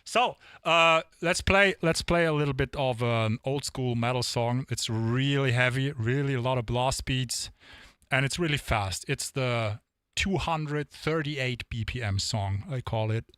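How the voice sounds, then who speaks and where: A man's voice: mid-range voice, measured pace, fairly bright tone, smooth, no room sound, studio quality. A man streaming drum sessions, chatting casually and rambling to viewers between songs. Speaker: drumming live streamer.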